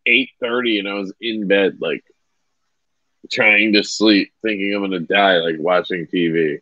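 A man's voice: deep voice, steady tone, measured pace, dry recording. A young man hosting a casual livestream chat, rambling and swearing with lots of fillers. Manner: laid-back, swearing, rambling with many fillers. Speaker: livestream host. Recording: dry, dull lo-fi sound.

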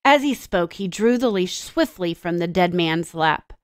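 Slow, expressive woman storyteller. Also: lowish voice, dry recording, clean studio sound. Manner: expressive storytelling with dramatic pauses. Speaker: teacher. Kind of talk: reading aloud and explaining a story to children.

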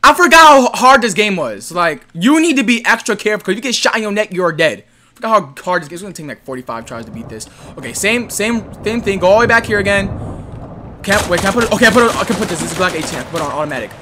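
A man doing excitable, slangy gameplay commentary, muttering one moment and yelling the next. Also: high voice, very fast, slight background noise. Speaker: gaming YouTuber. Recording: gunfire from the game behind.

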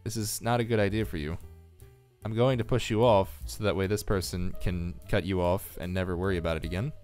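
A man's voice: low-pitched, fairly even intonation, fairly quick, darkish tone, soft background music. A tired man from the United States giving casual, joking live-stream commentary on a strategy game and reading chat aloud. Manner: chatty, reads chat aloud, joking asides.

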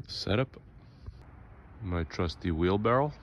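A man's voice: mid-range voice, measured pace, background noise. A man vlogging about his morning chores in a wry, joking way, whispering early on. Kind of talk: casual home vlog.

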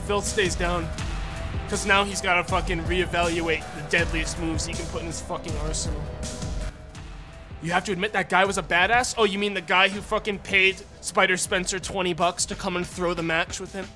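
A man streaming a video game, ranting and swearing in exasperation and often breaking into shouts. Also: high-pitched, steady tone, normal speed, music in the background. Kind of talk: live gameplay commentary.

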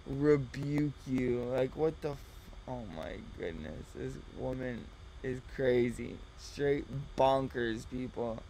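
A man's voice: medium pitch, takes it slowly, dark tone, a little hiss or hum, low-quality recording. A man giving mocking reaction commentary, sarcastic and exasperated.

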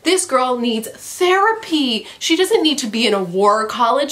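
Slow-talking woman ranting about a book. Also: high-pitched, animated, a bit bright, a little hiss or hum. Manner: frank and profane, heavy use of "like". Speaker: book vlogger. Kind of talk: casual book review rant.

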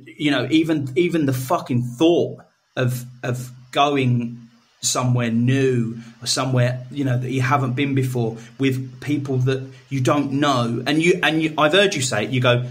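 A man's voice: medium pitch, fairly even intonation, a little slow. A man co-hosting a podcast, supportive and sweary, calling his friend "mate" constantly. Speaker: podcast co-host. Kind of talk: casual banter.

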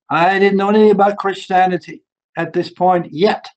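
A man's voice: high voice, steady tone, normal speed, lo-fi sound. An older man with a German accent, giving a fervent sermon testimony about his childhood. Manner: rising to fervent, emphatic preaching. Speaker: preacher.

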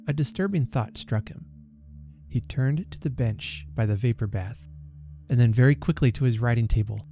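Male storyteller, warm mellow voice, middle pitch, measured and expressive, faint music underneath. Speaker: reader and channel host. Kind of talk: storytelling reading.

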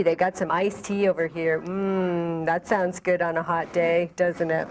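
A woman's voice: fairly low pitch, unhurried, few pauses, a little hiss or hum. A woman leading a children's storytime, reading a picture book aloud and asking the children questions along the way. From El Paso, Texas. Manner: animated, asks children questions. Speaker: library director reading at storytime.

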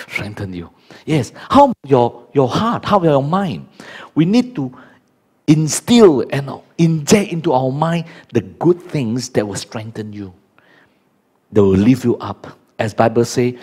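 Pastor pria usia 50-an, bahasa ibu Mandarin; khotbah ekspresif, nada naik-turun lebar. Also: male voice, lowish voice, a little mellow. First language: Chinese. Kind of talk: sermon.

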